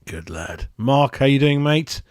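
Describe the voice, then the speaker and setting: A man hosting a live fan reaction chat, excitable and matey, greeting viewers by name. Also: mid-range voice, measured pace, clear, resonant tone, no echo, clean studio sound. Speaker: fan channel host.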